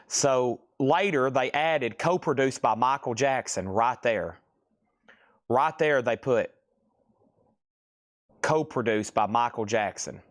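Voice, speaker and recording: A man's voice: mid-range voice, takes it slowly, long pauses, no echo, clean studio sound. A man hosting a live vinyl record sale, chatting casually and rambling between sales. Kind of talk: casual live-stream selling.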